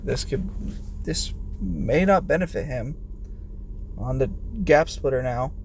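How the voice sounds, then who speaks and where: A man giving casual play-by-play commentary on a game competition, excitable and swearing, yelling when players fall. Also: medium pitch, slow, creaky, slight background noise.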